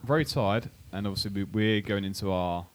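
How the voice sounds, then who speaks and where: Low-voiced man co-hosting a podcast. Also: a little fast, slight background noise. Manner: rambling, self-correcting, restarts. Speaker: podcast co-host. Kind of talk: casual chat.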